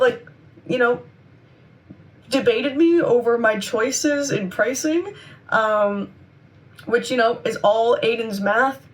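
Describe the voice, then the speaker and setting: A chatty, upbeat woman in her twenties rambles to the camera in a casual vlog, her high voice sounding a little worn. She's a vlogger and convention seller, recorded on a distant mic.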